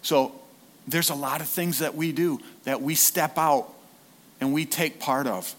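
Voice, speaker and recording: A man's voice: on the high side, steady tone, unhurried, fairly bright tone. A man preaching a sermon in a casual, conversational way, often asking the congregation questions. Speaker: lay preacher, former youth leader.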